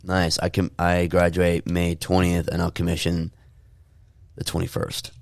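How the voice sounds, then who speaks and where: A young man in casual podcast chat, telling animated stories and shouting the quoted lines in high voices. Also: measured pace, gravelly, no room sound. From California. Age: young adult. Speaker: podcast co-host.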